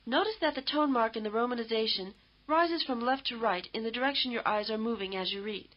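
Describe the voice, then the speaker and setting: Higher woman narrating old course audio. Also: highs cut off. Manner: measured, explanatory. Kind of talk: scripted instructional narration.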